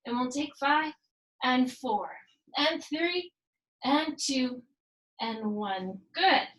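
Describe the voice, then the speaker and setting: A woman with a high voice guides a workout in an unhurried, slow rhythm, calmly cueing movements and counting down reps. Now and then she slips in a Spanish phrase. Her voice rings a little in an echoey room. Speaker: yoga and fitness instructor.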